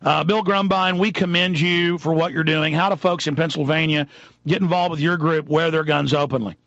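Heated talk radio host, dry lo-fi sound. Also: male voice, fairly high pitch, steady tone, a bit bright, dry recording. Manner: fast, heated ranting with dramatized quotes. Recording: dull lo-fi broadcast audio.

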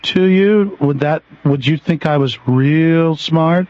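A man hosting a talk radio show, ranting aggressively and loudly. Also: fairly high pitch, dry recording, dull audio. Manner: aggressive, loud, fast-talking rants.

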